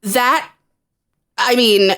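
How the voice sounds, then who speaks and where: A woman's voice: a little high, extremely slow, pushed and bright. A woman co-hosting a podcast in casual chat, emphatic and analytical. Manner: emphatic, analytical, acts out quotes. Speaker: podcast co-host.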